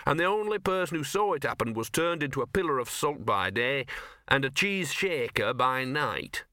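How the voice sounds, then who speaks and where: A man's voice: medium pitch, very animated, moderate pace, pushed and bright, no room sound, clean studio sound. A man voicing a cynical, scruffy talking male dog in a storybook reading, with a sardonic, streetwise grumble. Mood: gossipy.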